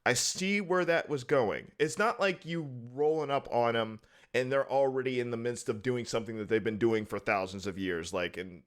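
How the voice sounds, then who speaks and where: A man co-hosting a casual chat about a video game, laughing often and acting out characters in quick voices. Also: mid-range voice, smooth. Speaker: podcast co-host.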